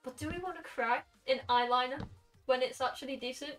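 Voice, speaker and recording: A chatty Welsh girl in her late teens streams games in a high, fairly bright voice, casually chatting and reacting to her chat with quick asides. The mic sounds somewhat distant, and faint music plays.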